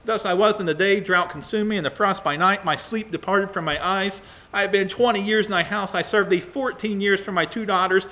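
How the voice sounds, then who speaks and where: Indignant biblical shepherd read out by a man, forceful and raised, a voice well above his own. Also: sits high, a little fast, voice pushed up.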